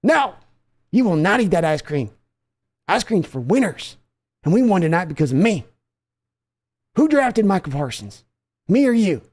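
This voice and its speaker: A man's voice: on the high side, animated, fast talker, close to an everyday voice. A man doing a blustering old team-owner dad. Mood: scolding. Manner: loud, scolding, drawling boast. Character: blustering older male team owner, bossy father.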